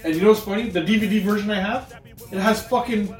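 Casual podcast co-host, man, fairly high voice, swears and laughs a lot, distant roomy mic, faint music. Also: quick pace. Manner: laughs often, swears freely. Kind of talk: casual chat.

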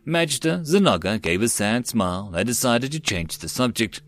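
A man narrating a web novel audiobook in a steady storytelling manner. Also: medium pitch, moderate pace, few pauses.

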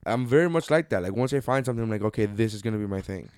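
A man's voice: fairly low pitch, lively intonation, rapid-fire, a little mellow, clear, resonant tone, no echo. Rambling, profane young man, dry sound. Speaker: podcast co-host. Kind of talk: casual chat. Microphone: studio microphone.

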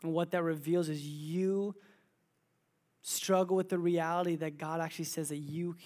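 A man in his thirties preaches in church with passion. He drops into quiet, confiding asides, then climbs to loud, emphatic declarations. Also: a little high, flat delivery, normal speed. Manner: impassioned, swings from quiet intimacy to loud exclamation. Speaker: pastor. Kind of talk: sermon.

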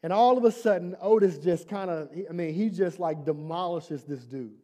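A man's voice: high-pitched, moderate pace, warm tone. A man preaching a sermon as pastor, conversational and humorous, asking the congregation questions and building to emphatic repeated lines.

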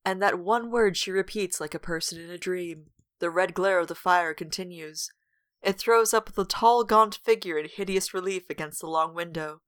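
A woman's voice: fairly low pitch, moderate pace, a bit bright, clean tone. A woman co-hosting a podcast, reading a gothic novel aloud with dramatic weight and breaking in with wry jokes. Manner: dramatic read-aloud broken by wry asides.

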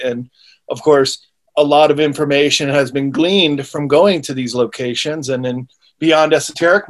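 A man who is an author, a guest in an interview, explaining his ideas steadily with small restarts. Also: fairly high pitch.

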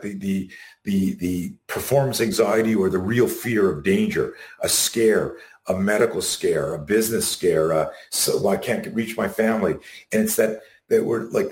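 A middle-aged man being interviewed, talking in an animated way and acting out the quotes in his stories. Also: on the low side. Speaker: guest. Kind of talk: casual interview. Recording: roomy echo.

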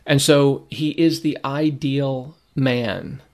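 A man's voice: medium pitch, slow. A man teaching a Bible lesson from his notes, explaining Greek words and repeating key phrases for emphasis. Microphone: reading from notes.

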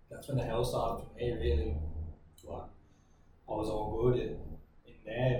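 A man in his twenties with an Australian accent, telling a personal story as a podcast guest in an earnest, reflective way with halting bursts. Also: medium pitch. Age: 20s. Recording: very echoey room, distant mic, ambient noise.

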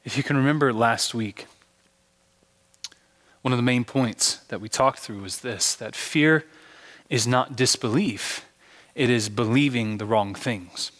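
A man's voice: mid-range voice, measured pace, pauses often, fairly bright tone. A male pastor preaching a sermon with earnest, dramatic storytelling. He often repeats words as he starts his sentences. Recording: long hall reverb.

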